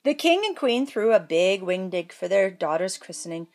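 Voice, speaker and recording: A woman's voice: medium pitch, very animated, moderate pace, a little mellow. A woman reading a comic fairy tale aloud, playful with jokey asides. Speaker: storyteller. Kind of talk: playful storybook read-aloud.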